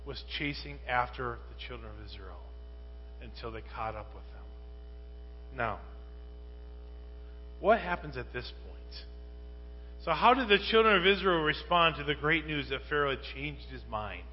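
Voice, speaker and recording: A male pastor preaching a sermon, moving from quiet Bible reading to loud, rising rhetorical questions. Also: fairly high pitch. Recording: muffled, with long reverb and mains hum.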